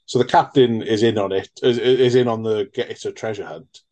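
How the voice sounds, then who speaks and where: A man's voice: fairly low pitch, steady tone, fairly quick, darkish tone. A man in a casual, rambling film chat, swearing freely and restarting sentences. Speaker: podcast co-host.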